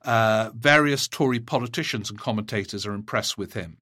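A man hosting a political talk show, giving measured commentary and reading out listener emails, with frequent small pauses. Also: lowish voice, bright, forceful tone. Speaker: podcast host.

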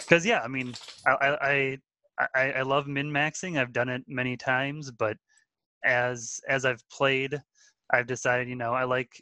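A man's voice: medium pitch, steady tone, a little slow, bright, forceful tone, dry recording. A man co-hosting a tabletop gaming podcast in casual chat, often stumbling and repeating words as he restarts. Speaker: podcast co-host and tabletop player.

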